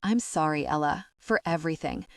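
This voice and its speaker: A woman's voice: deep voice, lively intonation, moderate pace, gravelly, no echo, clean studio sound. Woman voicing a pleading remorseful young man.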